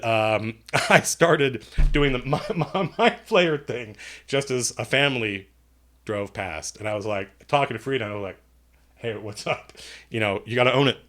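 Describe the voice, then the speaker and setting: A man talking at his desk mic during a live stream, midrange in pitch and easygoing. He reads chat questions aloud and rambles through his answers. He jokes about himself as he goes. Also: a bit bright. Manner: self-deprecating, jokey.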